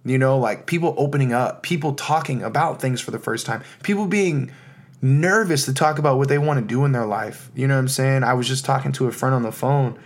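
An American man in his thirties talks alone on his podcast in a casual, rambling way. His voice sits at an ordinary middle pitch, and his talk is full of fillers and heartfelt thanks. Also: brisk. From United States. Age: 30s. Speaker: podcast host. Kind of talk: casual solo podcast monologue.

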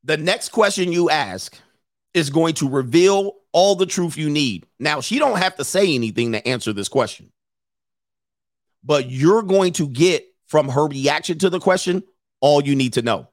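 A man's voice: fairly high pitch, animated, normal speed, dry recording, clean studio sound. A man giving dating advice to his viewers in a casual monologue, with a brash, profane and joking delivery.

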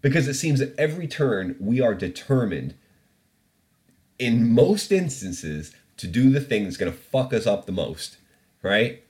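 A man's voice: medium pitch, lively intonation, measured pace, darkish tone. A man hosting a podcast in a studio, ranting about the news in casual, profane, opinionated commentary. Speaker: podcast host.

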